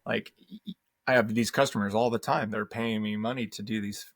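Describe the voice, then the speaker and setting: This is a man with a gravelly voice talking on a podcast. He tells his stories animatedly and plays out the dialogue himself. The sound is close and dry, with no room around it. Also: on the low side, a little fast, no echo. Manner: animated storyteller acting out dialogue. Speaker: podcast co-host. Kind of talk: casual chat.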